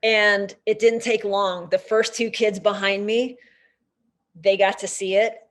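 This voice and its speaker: A woman teaching a nature class through a lively story. Her talk is chatty and animated, full of casual fillers. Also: medium pitch, unhurried. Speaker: nature educator. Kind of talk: storytelling lecture.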